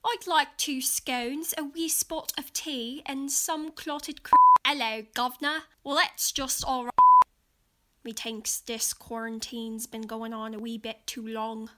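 High hammy fake accents from a woman, slow drawl, music under. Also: fairly even intonation, heavy background noise. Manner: over-the-top, rapid switching between accents.

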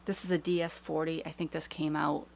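Woman guest, paranormal investigator, very low voice, friendly and explanatory. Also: flat delivery, a little fast, gravelly, darkish tone. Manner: friendly, explanatory, with small hesitations. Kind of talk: casual interview chat.

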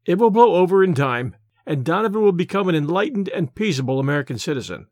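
A man voicing a kindly, sympathetic priest who talks in a gently reproving way. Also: sits high, sing-song, fast, dry recording, studio quality. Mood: reassuring.

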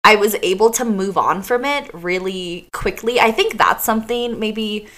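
A woman's voice: medium pitch, moderate pace, a bit bright. A woman co-hosting a podcast, chatting casually and telling stories animatedly, with lots of fillers and laughs. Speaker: podcast co-host. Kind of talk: casual chat.

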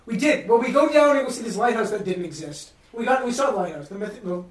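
A man's voice: high voice, animated, fast, far from the mic. A man from New England hosting a podcast, telling a trip story in casual chat, rambling and swearing freely. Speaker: podcast host. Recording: roomy sound from off-mic.

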